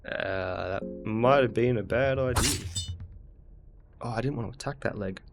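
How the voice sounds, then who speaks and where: A man's voice: mid-range voice, unhurried, creaky, music in the background. An Australian man streaming a game, muttering and thinking aloud as he plays in casual commentary.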